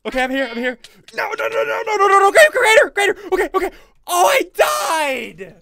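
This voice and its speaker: A man in his twenties hosting gameplay commentary with friends, excitable and repeating quick callouts. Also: very high voice. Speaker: gaming channel host.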